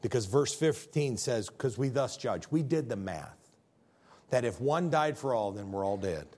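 A man's voice: medium pitch, expressive, moderate pace, darkish tone. A male pastor preaching a sermon, emphatic, with frequent repeated restarts.

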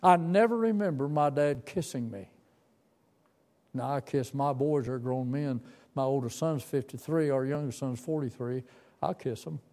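A man's voice: mid-range voice, mellow. A man in his seventies telling a tender, folksy story from his boyhood as part of a sermon. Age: 70s. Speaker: preacher.

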